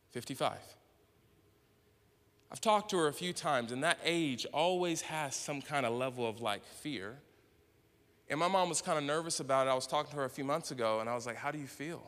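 A man preaching a sermon as pastor, talking conversationally, acting out little dialogues and rising into loud bursts. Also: mid-range voice. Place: church sanctuary. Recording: long hall reverb.

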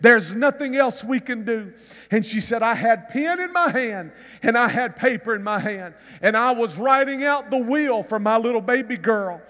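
A man's voice: very high voice, animated, normal speed, hardly any pauses, a bit bright. A man preaching a sermon in a church, retelling a story with impassioned, preacherly delivery. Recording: long reverb from a hall.

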